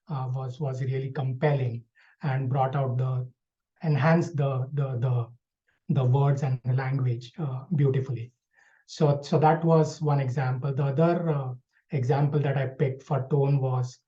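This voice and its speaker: Man, evaluator at an online meeting, dark mellow tone, halting delivery full of fillers, dull lo-fi call audio. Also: medium pitch. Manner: hesitant, many fillers and restarts. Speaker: speech evaluator. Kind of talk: online club speech evaluation. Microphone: video call.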